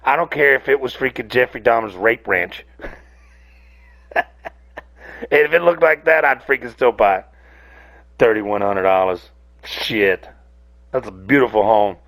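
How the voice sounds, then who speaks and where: Man, solo podcast rant, gravelly creaky voice, rambling, foul-mouthed. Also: mid-range voice, a little slow, long pauses, fairly bright tone. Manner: rambling, profane, self-interrupting. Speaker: podcast host.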